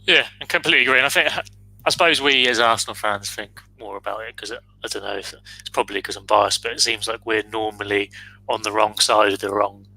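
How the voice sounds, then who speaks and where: Bright, agreeable man on a podcast. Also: fairly low pitch, quick pace, creaky, low-quality recording. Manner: agreeable, hesitant, hedging. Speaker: podcast guest panelist. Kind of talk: casual football podcast chat.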